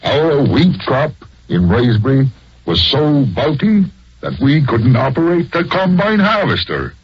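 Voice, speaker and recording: A man's voice: medium pitch, measured pace, slightly rough. A man playing a folksy, talkative farmer in a 1940s radio drama, on a dull old recording. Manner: folksy, storytelling, lively. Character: talkative older English farmer.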